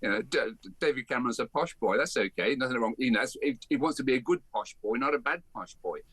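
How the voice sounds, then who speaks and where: Older man, softened Birmingham accent, husky, dry close sound, emphatic and outspoken radio guest. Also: medium pitch, expressive, fast, dry recording. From Birmingham, England. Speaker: guest, education campaigner. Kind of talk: opinionated talk radio interview.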